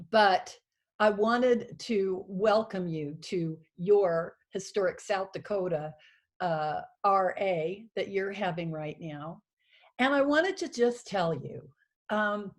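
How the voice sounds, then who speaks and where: A woman in her sixties gives a heartfelt, halting union speech over a video call from her small house, emotional and full of fillers. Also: mid-range voice. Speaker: union president addressing a convention.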